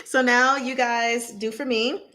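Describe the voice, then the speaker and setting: Slow, deliberate woman hosting a livestream. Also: fairly high pitch, fairly even intonation, sharp tone. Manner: gives word clues in slow, deliberate fragments, laughs often. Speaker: channel host running a livestream game. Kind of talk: casual livestream chat.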